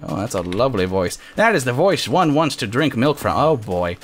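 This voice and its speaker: Excitable, lively man gaming. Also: medium pitch, normal speed. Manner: excitable, yelps and shouts at the game, jokey. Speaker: gamer host. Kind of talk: casual let's-play commentary.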